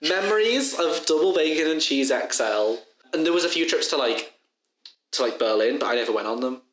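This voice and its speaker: A young man in his twenties with a Liverpool accent, co-hosting a podcast and telling a story in an animated, laughing, swearing way. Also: on the high side, a little fast, roomy sound, low-quality recording. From Liverpool, England. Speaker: podcast co-host. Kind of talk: casual storytelling chat.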